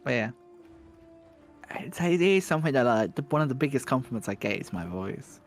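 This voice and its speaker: A man keeping a livestream going as moderator, rambling and joking to the viewers while the player concentrates. His voice sits at an ordinary middle pitch. Soft music plays underneath him. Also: sing-song, brisk. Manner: chatty, joking, rambling with many restarts. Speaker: stream moderator co-hosting a speedrun stream. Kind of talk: casual stream chat, talking to viewers.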